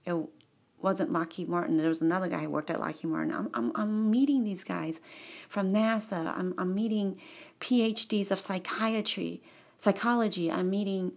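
A talkative woman tells a personal story for her vlog, her voice sitting at an ordinary middle pitch. She rambles, stops herself mid-sentence and wanders off on tangents. She laughs often as she goes. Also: normal speed, creaky. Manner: digressive, self-interrupting, laughs often; animated and chatty. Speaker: vlogger.

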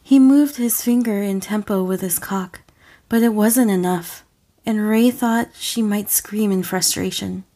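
A woman reading an audio story as a narrator, slow and deliberate. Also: mid-range voice, mellow. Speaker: audiofic reader.

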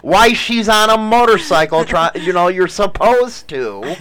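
Teasing, foul-mouthed man, high voice. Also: animated, measured pace, a bit bright. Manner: teasing, swears a lot. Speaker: podcast host. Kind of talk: casual chat.

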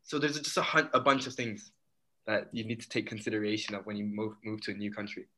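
Bright-voiced animated storyteller man. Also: fairly low pitch, fast talker. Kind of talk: casual group chat.

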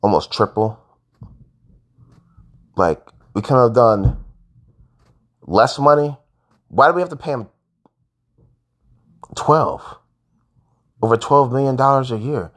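A man ranting casually as a sports fan vlogger, frustrated, jumping between loud outbursts and low mutters. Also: animated, takes it slowly, long pauses.

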